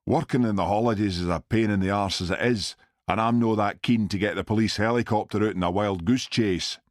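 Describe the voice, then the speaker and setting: A man doing a gruff Glasgow police boss. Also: lowish voice, brisk, dry recording, studio quality, lightly acted. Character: gruff Glasgow police chief inspector, sulky and rude. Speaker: audiobook narrator.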